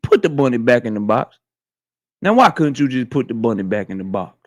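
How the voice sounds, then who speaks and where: A man doing an impression of a gruff male action-movie convict hero, quoting lines in a slow, low, solemn delivery. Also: big pitch swings, dry recording, clean studio sound.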